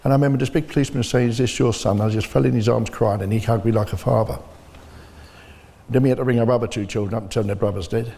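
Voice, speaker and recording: Man, blunt earnest testimony, husky low voice in a reverberant hall. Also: steady tone, fast talker, warm tone. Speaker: bereaved father giving testimony. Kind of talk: personal testimony in conversation. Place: church. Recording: long reverb of a church hall.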